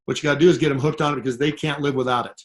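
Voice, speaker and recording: A man's voice: mid-range voice, steady tone, very fast. A man on a conference call giving an emphatic, repetitive motivational pep talk to network marketing distributors. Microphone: phone call.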